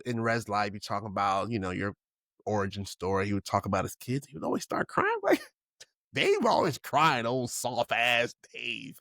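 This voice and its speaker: A man in his forties hosting a solo podcast, talking candidly and emotionally, swearing casually, restarting often with his pitch swinging widely. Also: fairly bright tone, dry recording, clean studio sound. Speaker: podcast host.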